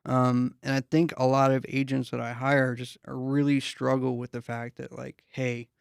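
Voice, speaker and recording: Gravelly, flat-voiced man from the East Coast. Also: mid-range voice, moderate pace, no echo, studio quality. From East Coast of the USA. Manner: laid-back, rambling, full of "like" and "you know". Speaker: podcast host. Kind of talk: casual interview talk.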